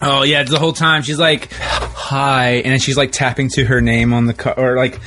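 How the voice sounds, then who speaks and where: A man hosting a casual interview, excitable and quick to laugh. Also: mid-range voice, a little hiss or hum. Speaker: podcast host.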